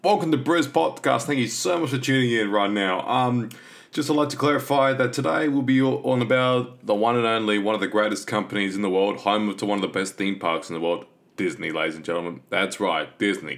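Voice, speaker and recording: A man hosting a casual podcast, talking enthusiastically and rambling with many fillers. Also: sits low. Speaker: podcast host.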